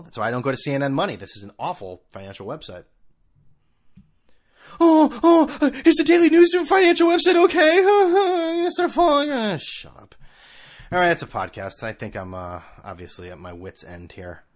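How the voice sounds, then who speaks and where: A man hosts a podcast by himself in a loose, rambling style. He mocks himself as he goes, and his voice swings widely in pitch. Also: fairly bright tone. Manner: rambling, self-mocking, bursts into laughing high-pitched asides. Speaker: podcast host. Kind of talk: casual solo podcast chat.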